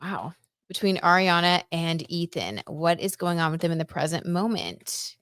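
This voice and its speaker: A tarot reader hosts a casual livestream, chatting loosely and reading viewer comments aloud with plenty of "like" and "I don't know." Her voice is fairly low, animated, a bit bright, clear and resonant, at a moderate pace. The recording is dry and studio quality.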